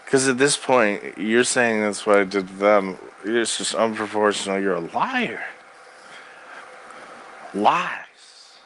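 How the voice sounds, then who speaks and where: A man delivering a rambling spoken-word monologue from his bed into a microphone, swinging between loud outbursts and quiet mutters. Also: lowish voice, animated, normal speed, few pauses, a little hiss or hum. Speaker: recording artist. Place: bedroom.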